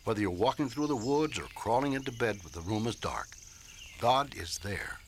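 A man playing a kind adult comforting a frightened boy in a radio drama, gentle and fatherly. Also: mid-range voice, lively intonation, normal speed, slight background noise, lightly acted.

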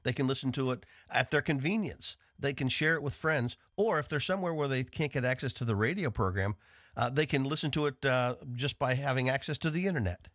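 A man from the northeastern United States teaching a devotional on the radio in an earnest, measured way. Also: mid-range voice, a bit bright, dry recording, studio quality. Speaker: radio Bible teacher and host.

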